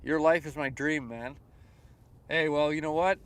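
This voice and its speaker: His voice is on the high side and his pace unhurried: a young Canadian man with a Canadian accent, streaming live from a sunrise fishing trip by the water. He casually reads out viewer messages and responds, chatty and easygoing, with many fillers.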